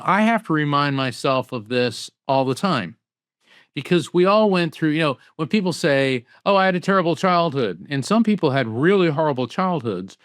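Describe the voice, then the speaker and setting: A man speaking as a guest in an interview, answering emphatically with rhetorical questions and lively anecdotes. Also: fairly high pitch, dry recording, studio quality. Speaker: psychic medium and guest.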